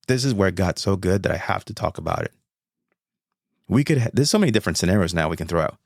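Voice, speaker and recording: A man with a low-pitched voice, hosting his own podcast in an excitable, rambling rush. He swears freely and circles back on his points, and his voice sits close and dry with no room around it. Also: no room sound. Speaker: podcast host. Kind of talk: casual solo commentary.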